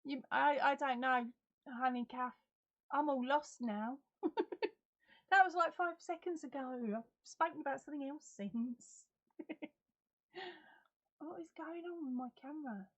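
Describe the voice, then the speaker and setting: Livestream host, middle-aged woman, rambling and giggly, somewhat high-pitched, lo-fi webcam audio. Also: unhurried, pauses often, fairly bright tone. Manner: chatty, giggly, reads out viewer comments. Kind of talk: casual live chat.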